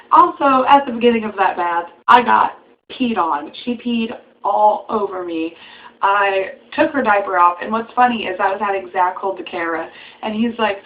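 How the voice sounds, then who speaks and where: A woman's voice: medium pitch, muffled recording. A young woman and new mother chatting casually to the camera, giggly and full of fillers.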